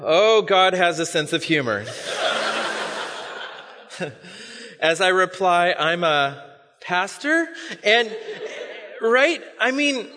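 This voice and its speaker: A man's voice: sits high, very animated, takes it slowly, long pauses, bright, forceful tone, big-room sound, a little hiss or hum. A man preaching as a pastor, telling a story in a conversational way with casual asides. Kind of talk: sermon.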